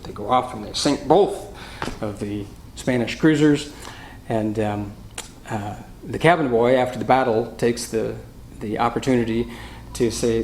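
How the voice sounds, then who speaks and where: A man teaches a Bible study jovially, reading verses aloud, explaining them, and telling anecdotes. His medium-pitched voice is darkish in tone and measured in pace. The recording has roomy echo and faint noise.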